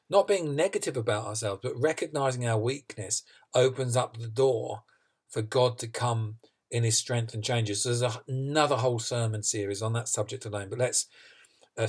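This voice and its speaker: A man preaching a sermon, earnest and emphatic, reading scripture and asking questions he answers himself. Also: mid-range voice. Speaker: pastor.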